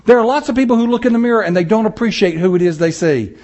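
A man preaching a sermon, moving between loud, rising passages and low, slow, soft ones, chuckling often. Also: highs cut off. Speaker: pastor.

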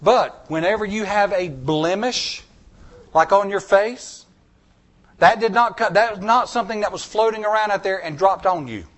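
Preacher, male, high voice, emphatic sermon delivery with folksy humor. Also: normal speed. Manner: emphatic, repetitive, with folksy jokes. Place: church.

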